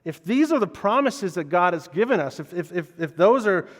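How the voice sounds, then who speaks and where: In a large hall, a male pastor preaches a conversational sermon, earnest and personal, often repeating words as he restarts a thought. His voice is high-pitched and very animated, at a moderate pace.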